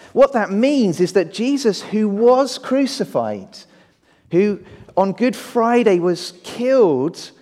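Upbeat male pastor in a church. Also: sits high. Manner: lively, addresses children and adults. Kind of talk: family Easter sermon. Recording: church hall reverb.

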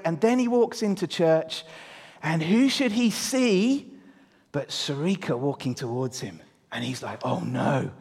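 A man preaching an all-age talk in church, telling stories and drawing the congregation in with lively questions. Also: high voice, big-room sound.

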